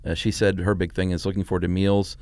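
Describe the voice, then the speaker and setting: Low-voiced laid-back male podcast co-host. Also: little pitch movement, fast, vocal fry, darkish tone, no echo. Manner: easygoing, laughs often. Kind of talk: casual chat.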